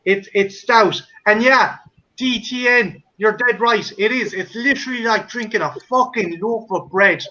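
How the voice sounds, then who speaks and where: A man's voice: sits high, a little slow, pushed and bright. An Irish man from Ireland hosting a casual podcast chat, telling stories in a profane, ranting way. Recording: slightly muffled audio.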